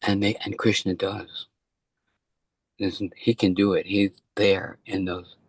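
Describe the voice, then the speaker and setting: A man with a very deep voice speaks softly and meditatively about devotion. The sound is dry and close. He talks slowly and calmly. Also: no echo. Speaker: speaker in class. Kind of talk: devotional talk.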